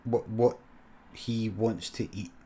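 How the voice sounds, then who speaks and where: A Scottish comedian improvising a comic story with deadpan, sweary narration and quick muttered asides. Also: male voice, on the low side, a little hiss or hum. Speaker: comedian streamer.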